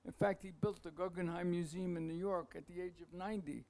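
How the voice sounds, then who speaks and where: A man giving a masterclass, telling a long anecdote in a rambling, halting way, with asides to the audience. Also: high voice, steady tone, a little mellow. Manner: halting, many restarts and fillers. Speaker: masterclass speaker.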